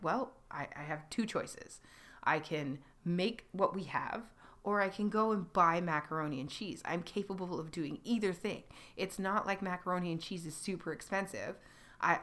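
A woman in her thirties hosting a podcast, telling her personal story in a halting, reflective way with many pauses and restarts. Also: low-pitched, fairly bright tone. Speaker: podcast host.

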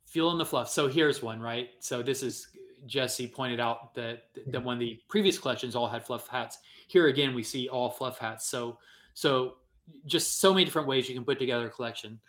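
A man's voice: medium pitch, fairly bright tone. A man hosting a casual livestream podcast, chatting in a rambling, upbeat way and reading from the chat. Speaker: podcast host.

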